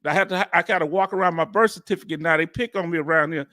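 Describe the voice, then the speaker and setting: Hosting a casual veterans live-stream, a man from Texas in his fifties talks in a folksy Southern way while reading viewers' comments. His somewhat high voice is fast, pushed and bright. The studio sound is clean, with no room sound.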